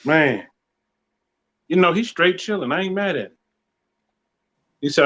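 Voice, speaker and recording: A man's voice: on the high side, animated, a little slow, fairly bright tone. A man hosting a live podcast, bantering playfully with slang in a loose group chat. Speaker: podcast host.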